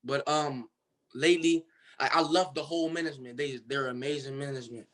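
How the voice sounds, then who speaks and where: A man's voice: mid-range voice, steady tone, brisk, fairly bright tone. A young man from Cincinnati, Ohio, telling his story as a guest in a casual interview, in a loose, slangy way full of fillers. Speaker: guest artist.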